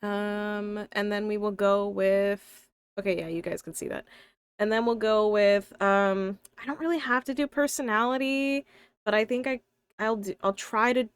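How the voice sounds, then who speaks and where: A woman's voice: medium pitch, normal speed, clean tone, no echo. Young woman, slight lisp, chatty streamer, thinks aloud, dry close sound. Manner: chatty, thinks aloud, talks to her chat. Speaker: live streamer and tabletop player. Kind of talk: casual live-stream chat.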